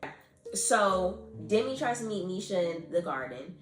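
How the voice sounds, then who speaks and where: Animated woman retelling a novel. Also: on the low side, unhurried, roomy sound. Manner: animated storytelling, acting out characters' lines. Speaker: book podcast co-host. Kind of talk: casual chat retelling a novel.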